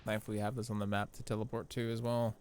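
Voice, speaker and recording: A man's voice: lowish voice, flat delivery, rapid-fire, noisy background. A young man commentating his live game playthrough, blunt and profane, talking straight to his chat. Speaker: streamer.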